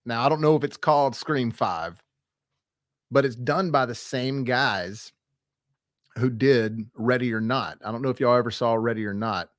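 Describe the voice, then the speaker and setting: A man's voice: mid-range voice, moderate pace, no echo, studio quality. A young man hosting a movie news show, chatting casually and enthusiastically with fillers and asides to viewers.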